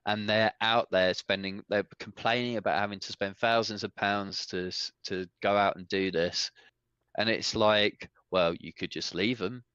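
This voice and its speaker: Man, low voice, ranting, dull muffled recording. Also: fairly even intonation, normal speed, fairly bright tone, clear, resonant tone, no room sound. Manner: ranting, exasperated, swears. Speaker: podcast co-host. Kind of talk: casual chat. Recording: dull lo-fi sound.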